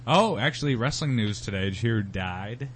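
A man's voice: lowish voice, lively intonation, fairly quick, fairly bright tone, slight background noise. A man in casual chat among friends, joking and cursing freely. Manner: joking, profane banter.

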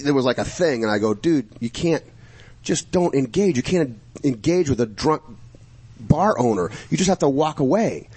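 A man telling a long profane story in casual chat among friends, animated and swearing freely. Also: medium pitch, brisk, slightly rough.

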